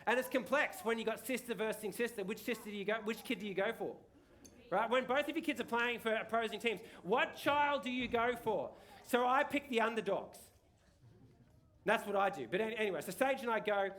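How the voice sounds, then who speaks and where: Male pastor, middle-aged, high-pitched, casual rambling preacher who keeps restarting his sentences. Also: fairly bright tone. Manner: chatty, rambling with many restarts and tag questions. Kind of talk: casual sermon. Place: church hall.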